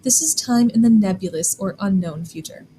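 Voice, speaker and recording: A woman explaining German grammar in a clear, deliberate lesson, slowing down to spell out examples. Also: medium pitch, mellow, slight background noise, rough recording. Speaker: German teacher. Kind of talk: scripted classroom explanation.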